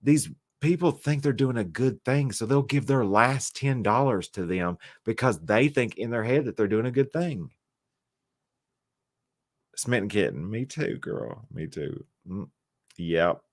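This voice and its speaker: A man's voice: mid-range voice, lively intonation, measured pace, dry recording, studio quality. A man hosting a casual livestream, reading and answering viewer chat with jokes and teasing, a little tipsy from wine. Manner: chatty, teasing, joking with chat. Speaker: livestream host.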